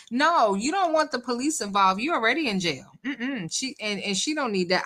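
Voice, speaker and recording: Using a desk microphone, a woman commentates on a live stream, laughing and teasing as she casually chats with her viewers. Her voice is fairly high-pitched with a sharp tone.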